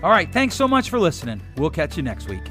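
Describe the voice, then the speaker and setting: A man's voice: on the high side, huge pitch swings, fast talker, fairly bright tone, soft background music. A middle-aged man hosting a solo relationship advice podcast, blunt and emphatic as he urges listeners to change. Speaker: podcast host.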